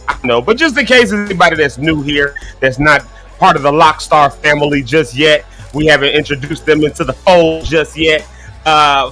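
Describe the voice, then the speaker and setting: A man's voice: a little high, sharp tone. A man hosting a casual morning livestream, chatty and folksy, talking straight to his viewers while his throat is clogged and he keeps coughing. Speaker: host.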